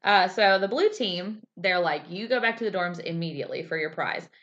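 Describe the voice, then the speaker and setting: A woman with a lowish voice chats casually as a podcast co-host, slipping into goofy voices for quotes. The audio is dull and lo-fi, like a home recording. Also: animated, brisk, heavy background noise. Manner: chatty, acts out quotes in silly voices. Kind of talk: casual recap chat.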